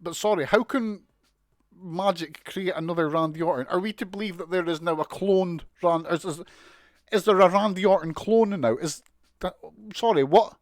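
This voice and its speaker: A man's voice: high-pitched, moderate pace, dry recording. A man with a British accent giving a casual, sweary, mocking recap of a wrestling show. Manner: sweary, mocking, exasperated ranting with laughs.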